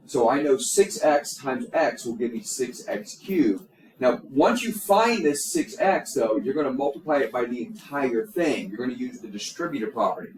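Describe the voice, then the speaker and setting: Emphatic man teaching algebra, echoey room. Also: mid-range voice. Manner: repetitive, emphatic, many fillers and restarts. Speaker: math teacher. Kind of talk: recorded algebra lesson. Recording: echoey room, distant mic, faint hum.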